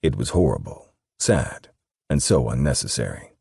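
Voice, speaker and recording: A man reading an audiobook in steady, measured scripted narration. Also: rumbling low, vocal fry, slightly rough, dry recording, clean studio sound.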